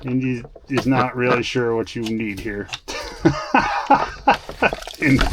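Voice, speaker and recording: A man's voice: medium pitch, steady tone, slow pace, very noisy. A man on a snowy farm talking playfully to his animals, teasing and scolding them like pets, on a small clip-on mic. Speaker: farm vlogger. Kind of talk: casual talk to farm animals. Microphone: small wireless clip-on mic.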